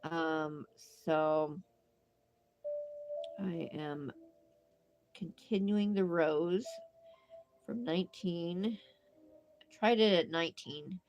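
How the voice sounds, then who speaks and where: A woman's voice: lowish voice, extremely slow, long pauses, a little mellow, faint music behind. An older woman with a stuffed-up nose, chatting in a rambling way while she crochets on a livestream from a phone propped up at home. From Idaho, United States. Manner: chatty and rambling, many fillers. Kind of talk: casual chat while crocheting. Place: home craft room.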